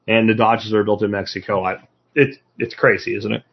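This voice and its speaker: A man's voice: fairly low pitch, little pitch movement, a little fast, gravelly, lo-fi sound, a little hiss or hum. A man from the United States giving a casual, opinionated talk to an audience, emphatic and full of rhetorical questions. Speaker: speaker addressing a live audience.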